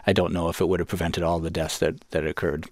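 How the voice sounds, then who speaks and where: A man's voice: low voice, level tone, fast, no room sound, clean studio sound. A man, a newspaper reporter, explaining events in a radio interview and often correcting himself mid-sentence. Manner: explanatory, with frequent self-corrections.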